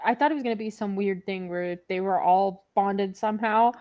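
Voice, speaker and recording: A woman's voice: mid-range voice, moderate pace, dark tone, muffled recording. A young adult woman co-hosting a book club podcast, talking casually, laughing often and swearing freely. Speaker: podcast co-host.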